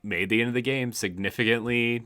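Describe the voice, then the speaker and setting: A man's voice: medium pitch, fairly even intonation, a little fast, bright, forceful tone. A man co-hosting a gaming podcast, chatting casually and enthusiastically, with lots of "like" fillers. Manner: enthusiastic, filler-heavy rambling. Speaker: podcast co-host. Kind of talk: casual chat.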